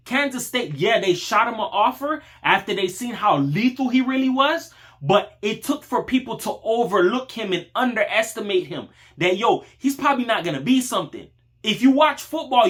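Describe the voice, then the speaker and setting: Animated high-voiced man giving street advice. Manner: animated, slangy street talk, addresses listener as dog and bro. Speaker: channel host. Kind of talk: casual motivational monologue.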